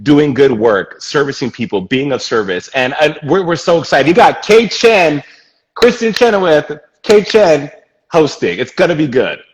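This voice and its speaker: Male host on a video call, upbeat and teasing, slightly high voice with a lingering reverb. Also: expressive. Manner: upbeat, teasing, quick back-channel replies. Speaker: interview host. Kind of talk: casual interview chat.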